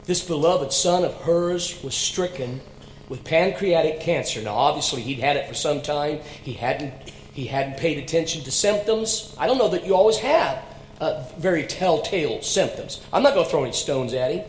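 A man, a pastor, telling a heartfelt story earnestly, dropping to a hush and then rising loud. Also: fairly high pitch, normal speed. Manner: earnest, swinging between hushed and loud. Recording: roomy sound with faint hum.

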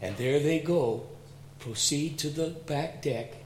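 A man's voice: a little high, takes it slowly. Earnest man pastor, roomy sound. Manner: earnest, swinging between hushed and loud. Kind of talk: heartfelt storytelling. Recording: roomy sound with faint hum.

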